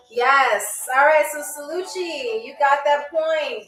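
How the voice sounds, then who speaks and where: High-voiced woman hosting a live stream. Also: takes it slowly, a bit bright. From New York. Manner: chatty, playful, talks straight to viewers. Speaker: live game show host. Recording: echoey room, distant mic, faint music.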